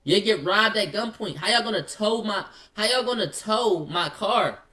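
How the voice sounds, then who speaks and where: A man telling a story in casual slang, acting out both sides of an argument in quick quoted lines. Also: sits high, lively intonation, pushed and bright.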